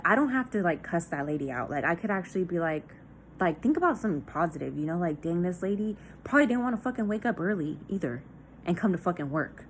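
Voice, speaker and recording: A woman's voice: on the low side, a little hiss or hum. A young woman talking candidly in a personal diary vlog, raw and confessional, swearing often and full of fillers. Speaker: vlogger.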